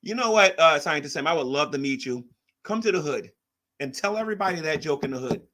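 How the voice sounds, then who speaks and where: A man's voice: fairly high pitch, lively intonation, fast talker, pushed and bright. A man hosting a casual livestream, rambling and repeating himself as he reacts to chat. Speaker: livestream host.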